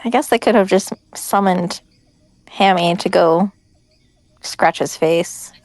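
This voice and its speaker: A woman's voice: lowish voice, slow, a little mellow, no echo. A woman playing a tabletop game, making offhand, wry remarks. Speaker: player. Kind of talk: casual tabletop play.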